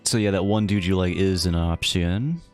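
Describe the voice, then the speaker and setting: Male streamer, very low voice, loose rambling banter with chat, faint music under it. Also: normal speed, a little mellow. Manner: rambling, playful and self-mocking. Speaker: livestreamer. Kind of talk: casual chat with a live chat.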